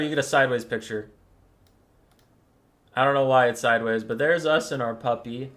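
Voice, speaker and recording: A man's voice: mid-range voice, normal speed, fairly bright tone. A young man who says he feels sick, chatting casually with viewers while he sets up a strategy game, rambling and cooing over pet photos. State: sick, stuffy. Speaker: streamer. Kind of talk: casual gameplay chat with viewers.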